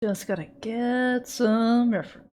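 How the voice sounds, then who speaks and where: A woman's voice: fairly high pitch, fairly even intonation, measured pace, darkish tone. A young woman chatting casually and rambling while she draws on a live stream, laughing at herself often. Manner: rambling, giggly, self-deprecating. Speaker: art streamer.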